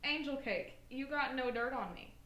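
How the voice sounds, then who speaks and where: A woman's voice: sits high, moderate pace, pushed and bright, roomy sound, a little hiss or hum. A woman playing a brash, unrepentant female ex-con who showers everyone with flirty pet names in a comedy web drama. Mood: sassy. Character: brassy middle-aged female ex-con, sassy and unrepentant.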